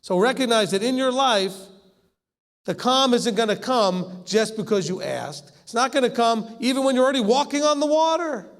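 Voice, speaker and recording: A man's voice: very high-pitched, lively intonation, normal speed. A man teaching scripture in a conversational way, acting out the quoted lines and often laughing. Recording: long hall reverb.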